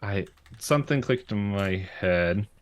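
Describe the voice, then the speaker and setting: A man's voice: fairly low pitch, animated, a little slow. A man co-hosting a podcast, recapping a cartoon episode in casual chat, rambling with lots of fillers and little laughs. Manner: rambling, full of fillers and giggles. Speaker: podcast co-host.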